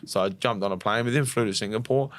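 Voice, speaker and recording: A young Australian man, a fighter guest on a podcast, telling a story in a lively, casual way, acting out the quotes and swearing now and then. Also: lowish voice, a little hiss or hum. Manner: rapid, animated storytelling with acted-out quotes and swearing.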